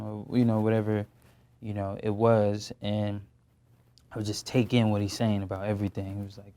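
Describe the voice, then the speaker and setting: A man's voice: fairly low pitch, moderate pace. A young man in his twenties, an actor talking casually in a studio interview, loose and slangy with lots of fillers. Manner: relaxed, slangy, many fillers. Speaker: actor guest.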